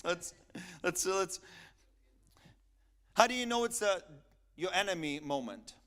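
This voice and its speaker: A male pastor preaching a sermon, swinging from quiet asides to loud, emphatic peaks. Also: sits high, animated, takes it slowly.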